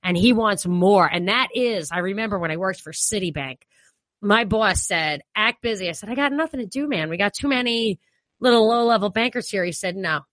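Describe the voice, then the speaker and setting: A woman's voice: mid-range voice, brisk, dry recording. Opinionated New York woman co-host. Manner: animated, opinionated, frequent fillers like "you know". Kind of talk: casual political commentary.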